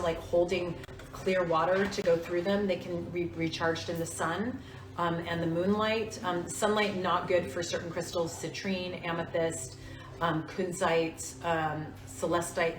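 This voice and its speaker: A woman's voice: lowish voice, noisy background. A woman in her forties hosting a casual live stream, talking in an earnest, confiding way about crystals. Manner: soft-spoken, earnest, confiding. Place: room with other people. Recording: roomy, distant mic.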